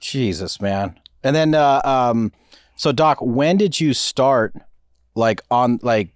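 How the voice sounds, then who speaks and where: A man's voice: mid-range voice, animated, slow pace, no room sound, studio quality. A man hosting a casual podcast interview, asking rambling questions with restarts.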